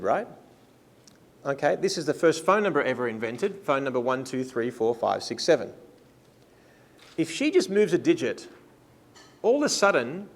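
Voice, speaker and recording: A man leading a live workshop, playful and lively, acting out what his listeners think. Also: fairly high pitch. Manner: lively, playful, acts out clients' thoughts. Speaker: workshop presenter. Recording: reverberant hall sound.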